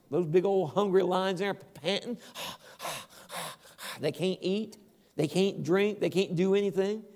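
A male preacher delivering a sermon, retelling scripture in an animated way and closing with a quiet prayer. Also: high voice.

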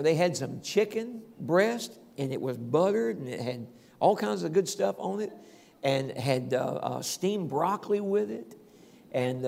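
A man's voice: on the high side, vocal fry, long reverb tail. A man preaching a sermon as pastor, telling homespun stories and calling out to the congregation. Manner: folksy storytelling preacher, calls out "Amen?".

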